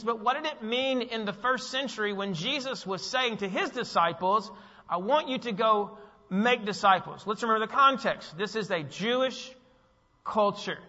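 A man's voice: high voice, bright, forceful tone. A man preaching a sermon as pastor, emphatic, stressing key words. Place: church sanctuary. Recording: dull sound with long church reverb.

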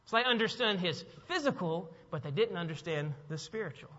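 A man's voice: sits high, animated, a little fast, pushed and bright, long reverb tail, highs cut off. A man preaching a sermon, emphatic, repeating key phrases and asking the congregation questions. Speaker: pastor.

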